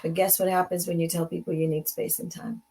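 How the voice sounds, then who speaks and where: Woman host with a low voice. Casual motivational speaker, switches into Spanish and acts out exchanges. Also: level tone, fairly quick, dark tone. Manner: conversational, mixes in Spanish phrases, acts out dialogue. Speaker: advocate.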